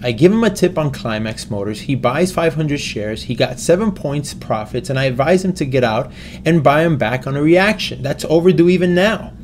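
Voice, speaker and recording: A man voicing a pushy, impatient male tipster who talks briskly and insistently. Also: fairly high pitch, lively intonation, a little hiss or hum, natural voice. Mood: exasperated.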